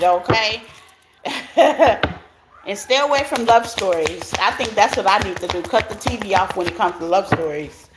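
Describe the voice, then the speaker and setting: A woman's voice: mid-range voice, normal speed. A woman giving a casual tarot reading to her viewers, chatty and laughing often as she talks straight to them. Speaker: tarot reader. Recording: clear background noise.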